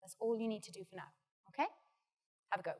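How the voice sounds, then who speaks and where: A woman with a Welsh accent, an actor leading a practical drama workshop and giving clear, encouraging instructions. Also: mid-range voice, fast talker.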